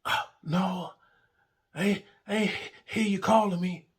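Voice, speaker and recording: A man's voice: sits high, fairly even intonation, slow pace, voice pushed up. A man mimicking a stammering, defensive cop partner. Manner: indignant, stammering. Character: defensive, lazy male police partner.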